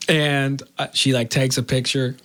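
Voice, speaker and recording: A man's voice: mid-range voice, unhurried. A man telling a story in casual chat, swearing freely and acting out the other people's lines. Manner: animated, swearing, acts out quoted voices. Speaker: podcast host.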